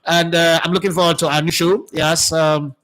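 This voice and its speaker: A man's voice: fairly high pitch, level tone, normal speed, a bit bright, faint music behind. A man hosting a casual live football talk show, reading viewer comments with sarcastic, chatty asides and many fillers. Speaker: sports talk host.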